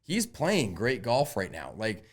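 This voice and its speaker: A man co-hosting a podcast with his brother, arguing his points in casual, animated chat. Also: lowish voice, slow pace. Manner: animated, argumentative, casual swearing. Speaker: podcast co-host, golf betting.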